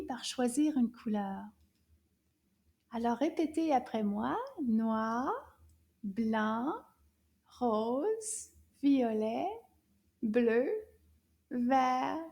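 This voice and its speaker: Woman teacher doing a kids french lesson, kinda high voice, super slow and clear. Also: dark tone. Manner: slow, clear, encouraging teacher talk with drawn-out words. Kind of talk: children's language lesson.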